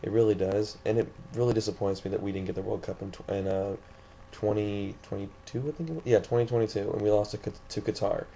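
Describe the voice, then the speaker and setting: A man's voice: on the low side, steady tone, fast, creaky, mellow, slight background noise. A young man from the St. Louis area, ranting indignantly in a vlog, rambling with many restarts. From St. Louis area, USA. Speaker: vlogger.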